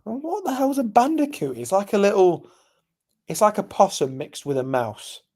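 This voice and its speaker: Young guy on a podcast, telling a story all animated, gets loud then goes hushed. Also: high voice, normal speed. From England. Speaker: podcast co-host. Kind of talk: casual chat.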